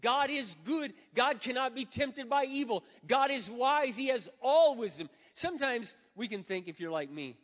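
A man in his fifties preaching a sermon as pastor, dramatic and swinging from loud to hushed, acting out quoted prayers. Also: very high voice, expressive, normal speed, few pauses. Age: 50s. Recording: dull sound with long hall reverb.

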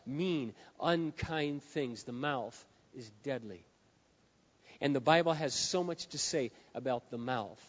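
A male pastor delivering a sermon to a live audience in a large hall. He drops to hushed lines, then builds to shouts. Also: on the high side. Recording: dull, reverberant hall sound.

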